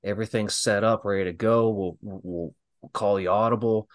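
Animated male wrestler telling stories. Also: lowish voice, quick pace. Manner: animated, laughing storyteller who acts out quotes. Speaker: guest wrestler. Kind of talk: casual storytelling.

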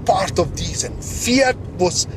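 A middle-aged man with an Italian accent, co-hosting a travel show in animated casual chat and slipping into Italian. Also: high voice, slow pace, noisy background. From Italy. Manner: animated, switching between English and Italian. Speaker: co-host and chef.

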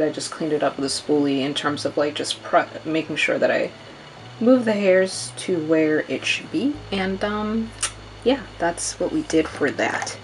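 A woman's voice: sits low, a little hiss or hum, rough recording. A young woman chatting casually through a makeup tutorial at home, talking to her viewers as girl and y'all, and often apologizing. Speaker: beauty vlogger.

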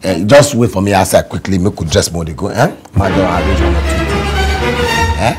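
A man's voice: sits low, fairly quick, over loud music. An actor playing a broke, boastful young man who schemes to get money from his overseas lover, speaking in a Nigerian accent. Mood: scheming. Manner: animated, mixes pidgin with English. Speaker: comic skit actor. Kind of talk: comedy skit acting.

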